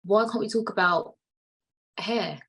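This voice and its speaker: A woman's voice: mid-range voice, measured pace, fairly bright tone, slightly rough, low-quality recording. A woman in her late twenties hosting a solo podcast, chatting candidly and rambling, swearing freely. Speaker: podcast host. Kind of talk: casual solo podcast chat.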